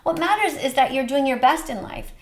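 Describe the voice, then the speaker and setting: A high-pitched woman with lively intonation speaks a little fast while reacting to a short film. Her commentary comes across as heartfelt and emotional, with a preachy edge.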